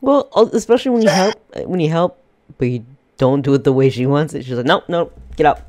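A man's voice: fairly high pitch, sing-song, quick pace, darkish tone. A man co-hosting a podcast, chatting casually and retelling stories playfully with frequent laughter. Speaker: podcast co-host. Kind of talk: casual chat.

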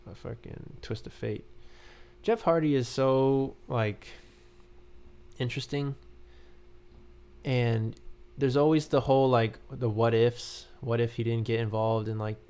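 A man with a gravelly, fry-edged voice sits at middle pitch. He rambles through casual commentary, full of filler words and loose asides, like a podcast host talking off the cuff. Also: darkish tone.

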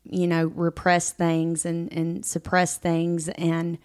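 A woman's voice: on the low side, monotone, slow, a little mellow, clear, resonant tone. A woman co-hosting a casual chat, affirming her partner and telling personal stories. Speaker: podcast co-host.

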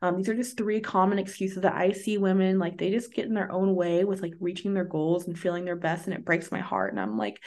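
A woman's voice: mid-range voice, steady tone, fairly quick, few pauses, darkish tone. A woman hosting a casual solo podcast as a health coach, talking earnestly and encouragingly with lots of "like" fillers and light laughs. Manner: chatty, earnest, filler-heavy with frequent "like".

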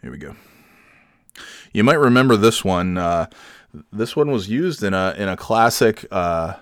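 Man, podcast host, low voice, rambling, filler-heavy, dry close sound. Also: animated, a little slow, no echo. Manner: rambling, trailing off, lots of fillers. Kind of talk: rambling comedic monologue.

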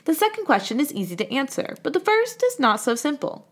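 Woman reading a proud young woman, storybook, measured, self-assured, lively. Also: high-pitched, pitched above the performer's own voice.

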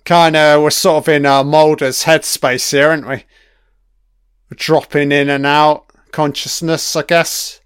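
A man's voice: a little high, flat delivery, measured pace, fairly bright tone, clean tone, dry recording, studio quality. A man giving a casual commentary on a TV episode, chatty and swearing freely, laughing along as he watches.

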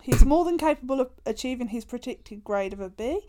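With a fairly high, expressive, mellow voice and a brisk delivery, a young woman co-hosts a podcast. She chats casually, giggling and joking as she and a friend reminisce over old school reports they read aloud.

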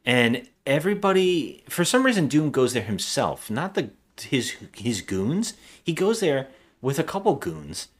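Guy podcast host going over a movie plot, voice bounces all over, mid pitch. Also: measured pace. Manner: animated retelling of a plot, acting out bits. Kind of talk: casual chat.

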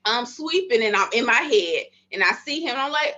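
A woman's voice: fairly high pitch, expressive, moderate pace, sharp tone. A woman in her thirties, a midwife, telling her story in a casual interview and acting out her own past thoughts and conversations. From Miami area. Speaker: midwife, podcast guest. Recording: slightly dull lo-fi audio.

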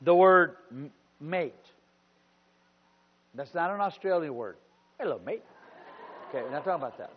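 A pastor with a slightly high voice preaches a sermon in church, calling out to his congregation at a normal pace with long pauses. The big-room sound comes through on a dull, lo-fi sermon recording.

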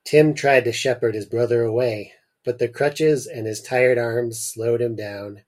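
Slow, dry-humored man reading aloud. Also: mid-range voice, fairly even intonation, darkish tone. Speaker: podcast host reading a story aloud. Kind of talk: casual chat and story reading. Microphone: remote call mic.

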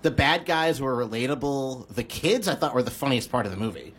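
A man's voice: mid-range voice, brisk, breathy edge. A man co-hosting a casual comedy podcast, joking and teasing, calling people "bro". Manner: joking, teasing, says "bro", lively swings. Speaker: podcast co-host.

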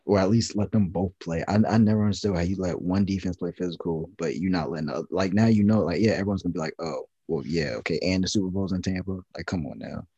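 A man's voice: sits low, quick pace, hardly any pauses, warm tone, slightly rough, no room sound. A man in casual chat as a podcast co-host, rambling loosely with many fillers and restarts. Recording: dull lo-fi sound.

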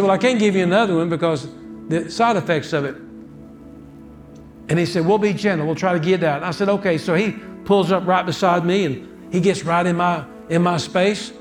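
Man, preacher, folksy storytelling, high voice, faint music behind. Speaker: pastor. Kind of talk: sermon.

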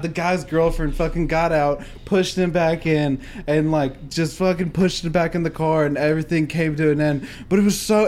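Male co-host; rambling, cussing storyteller, a bit higher pitched. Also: a little mellow. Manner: profane, laughing, rambling storyteller. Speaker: podcast co-host. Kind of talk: casual storytelling chat.

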